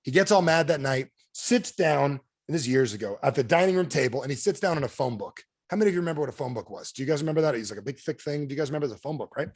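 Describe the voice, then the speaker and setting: A man's voice: on the high side, animated, rapid-fire, hardly any pauses, no room sound, clean studio sound. A man giving a motivational talk on a video call, telling stories and firing frequent questions at his audience. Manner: storytelling, peppered with audience questions. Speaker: sales trainer.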